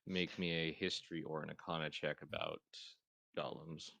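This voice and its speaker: A man narrating as game master of a tabletop game, calm and explanatory. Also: extremely low pitch, normal speed, vocal fry, no room sound.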